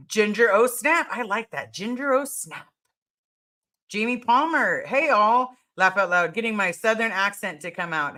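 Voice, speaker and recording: A woman hosting a casual livestream, talking straight to her viewers. Her voice is bright and forward, and she presses her points hard, repeating key words for emphasis. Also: medium pitch. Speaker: livestream host answering viewer questions.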